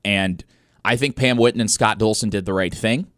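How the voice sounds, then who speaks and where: A young man hosting a college sports radio show, giving energetic, opinionated commentary with emphatic stresses. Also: on the low side, normal speed, no echo, clean studio sound.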